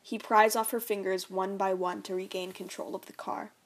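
A young woman reading her own memoir aloud in a quiet, reflective way. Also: medium pitch, little pitch movement, moderate pace.

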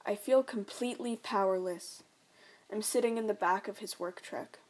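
A young woman narrating her own story in the first person, soft and reflective. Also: medium pitch, normal speed.

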